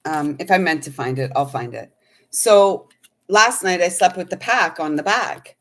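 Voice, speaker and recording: A woman's voice: lowish voice, expressive, measured pace. A woman who works as an intuitive healer, telling a spiritual story in a casual, meandering and earnest way. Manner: meandering, earnest, speaks of feelings.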